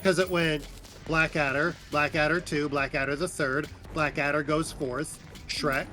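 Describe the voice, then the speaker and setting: A man's voice: a little high, a little slow, faint music behind. A man co-hosting a gaming stream, chatting casually and retelling scenes with quoted lines. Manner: animated storyteller, quotes lines. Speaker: streamer co-host. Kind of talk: casual chat while gaming.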